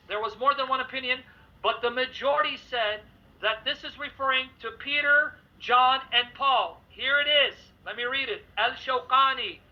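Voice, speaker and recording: High bright-voiced guy arguing hard in a debate, muffled lo-fi sound. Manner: forceful, reads passages aloud. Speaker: Christian debater. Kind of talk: heated religious debate. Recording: dull lo-fi audio.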